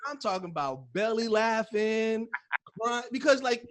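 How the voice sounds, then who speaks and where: Chatty host guy, slightly high voice, tells stories with lots of play-acted quotes. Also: a little slow. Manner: animated storyteller, laughs easily, acts out his own reactions. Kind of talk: casual interview chat.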